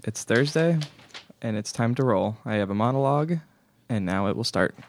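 A man hosting a comedy podcast, delivering a deadpan mock talk-show monologue and breaking into laughs. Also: mid-range voice, moderate pace.

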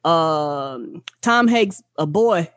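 Animated, profane woman podcast co-host. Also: low voice, extremely slow, dry recording, clean studio sound. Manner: animated, profane, stammering restarts. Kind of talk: casual chat.

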